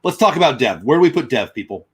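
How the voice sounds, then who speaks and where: A man with a slightly husky, breathy voice chats loosely on his livestream, thinking out loud as he answers viewers. His pitch swings widely and freely as he goes. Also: sing-song, fast talker. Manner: chatty, rambling, thinks out loud. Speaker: livestream host. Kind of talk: casual livestream chat reading comments.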